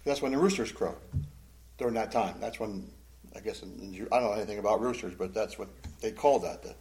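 A man teaching a Bible study in a conversational, animated style, acting out the quotes he reads. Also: fairly low pitch, brisk.

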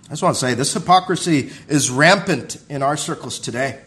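High-voiced man preaching with emphatic repetition. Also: lively intonation, fairly quick, hardly any pauses, a bit bright. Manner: emphatic preaching with repeated phrases and rising intensity. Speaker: pastor. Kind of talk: sermon.

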